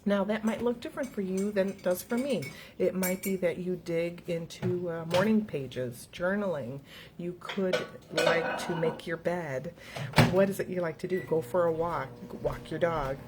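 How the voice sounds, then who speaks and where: A middle-aged woman with a fairly low voice gives an encouraging, earnest motivational talk to her viewers. She laughs easily as she goes. A faint hiss of noise sits under her voice. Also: normal speed. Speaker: host.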